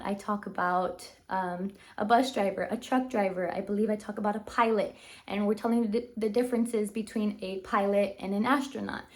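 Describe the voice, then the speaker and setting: A young woman working as a speech therapy assistant, talking casually with lots of fillers and coaching children in an encouraging way. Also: mid-range voice. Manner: chatty, fillers like 'like' and 'you know'. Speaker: speech-language pathology assistant. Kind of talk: casual vlog chat.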